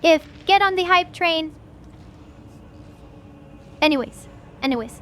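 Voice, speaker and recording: A woman streamer wrapping up a live stream, gushing with excitement and tripping over her own words. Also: very high-pitched, takes it slowly, long pauses. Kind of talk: livestream wrap-up chat.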